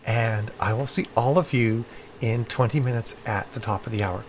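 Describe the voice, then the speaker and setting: A man's voice: mid-range voice, normal speed, a little hiss or hum. A man hosting a writing livestream, chatting casually and affectionately with viewers and reacting to their comments. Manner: chatty, affectionate, calls people honey. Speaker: livestream host of a writing session.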